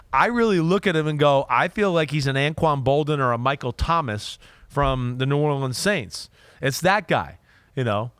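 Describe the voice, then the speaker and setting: Guy host talking football, kinda high voice, emphatic, keeps saying right?, dry studio sound. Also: no room sound. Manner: animated, emphatic, frequent "right?" tags. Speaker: podcast host, former quarterback. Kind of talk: casual football analysis chat.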